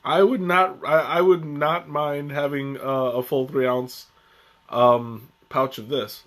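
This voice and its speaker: A man hosting a casual live-stream tea tasting, chatty and joking, who talks haltingly with many restarts and fillers. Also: on the high side, steady tone, a bit bright. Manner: chatty and joking, often chuckling.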